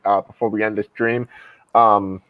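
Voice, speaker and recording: A man's voice: fairly low pitch, little pitch movement, normal speed, clear, resonant tone, no room sound. A man hosting a casual interview, speaking hesitantly and reassuringly, with many restarts. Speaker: host. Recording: dull, lo-fi sound.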